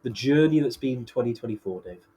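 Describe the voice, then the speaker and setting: A Welsh man co-hosts a casual live chat in a voice of middling pitch with a husky edge. He talks loosely, laughs often and fills pauses with "um" and "you know.". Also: expressive, warm tone. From Wales. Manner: chatty, laughs often, many fillers. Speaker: co-host.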